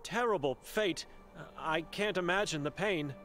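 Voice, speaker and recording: A man's voice: a little high, measured pace, a bit bright, soft background music. An actor playing a monk from Hungary who searches for his missing sister, asking polite, anxious questions. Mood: pleading.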